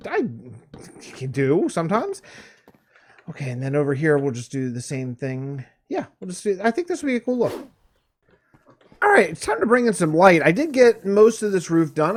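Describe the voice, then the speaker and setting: A man with a slightly high voice talks through his building game in casual commentary. He rambles and thinks out loud, circling back and restarting his phrases as he weighs each choice. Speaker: let's play host.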